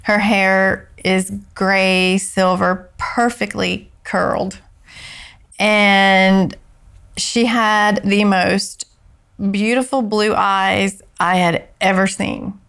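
A woman guest on an interview show, slowly and softly telling a personal story, her voice dropping low and tearful when moved. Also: flat delivery, creaky, smooth.

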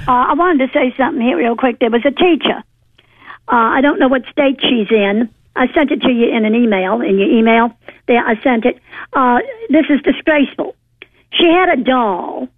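A woman's voice: sits high, no echo. A woman from New Orleans calling in to a talk radio show, indignant and rambling with fillers. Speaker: caller. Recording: phone line.

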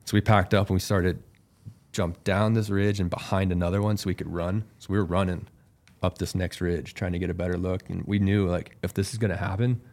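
A calm, laid-back man telling a story as a podcast guest in casual conversation. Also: low voice, fairly quick.

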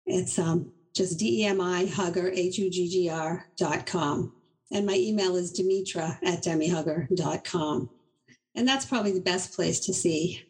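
A middle-aged woman from Boston, a guest on an interview show, telling stories in an animated, chatty way and often laughing through them. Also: fairly low pitch, moderate pace, low-quality recording. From Boston, USA. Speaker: inventor, guest. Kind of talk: casual interview storytelling.

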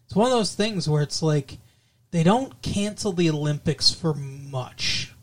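A man's voice: on the high side, lively intonation, unhurried. A male podcast co-host chatting casually about the news, rambling with many fillers and restarts, and cracking sardonic jokes.

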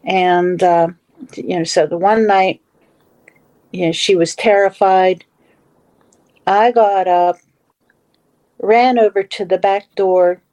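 A woman's voice: on the low side, steady tone, takes it slowly, pauses often, darkish tone, rough recording. A middle-aged woman telling a personal story as a guest in a casual talk, with many fillers and restarts. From Western Pennsylvania / Ohio area.

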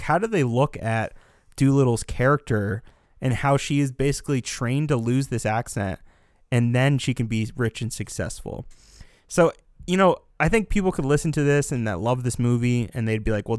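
A man's voice: medium pitch, no room sound, studio quality. A man co-hosting a casual film podcast, talking earnestly and rambling with restarts. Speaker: podcast co-host.

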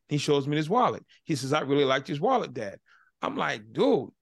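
Male guest speaker, casual and animated, acts out the dialogue in his stories, with a gravelly edge and little room sound. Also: a little high, brisk, no room sound, studio quality. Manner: animated storyteller acting out dialogue. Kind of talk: casual interview storytelling.

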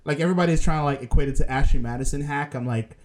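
A man's voice: a little high, racing. Rambling casual male podcast host. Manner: rambling, hesitant with many fillers, laughs often.

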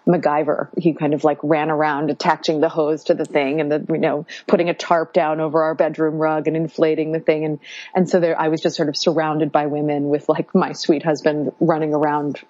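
A woman's voice: sits low, flat delivery, a little fast, a little mellow, dry recording. A woman in her thirties casually recounting a personal story in an interview, meandering with many fillers. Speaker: guest sharing birth story. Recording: dull lo-fi sound.

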